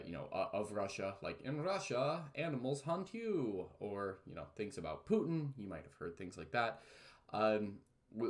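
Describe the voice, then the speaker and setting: Chatty male teacher, lowish voice. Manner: chatty, many fillers, self-mocking jokes. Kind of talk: casual recorded history lesson.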